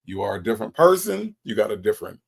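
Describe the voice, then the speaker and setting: Casting: male livestream host, gravelly voice, sassy and emphatic, repeats his punchlines. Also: on the low side, big pitch swings, quick pace. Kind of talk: livestream commentary reading chat.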